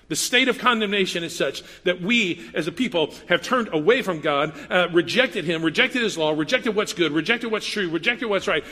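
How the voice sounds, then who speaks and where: A man preaching a sermon in a conversational, animated way, with playful asides and quoted voices. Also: high voice, long reverb tail. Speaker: pastor.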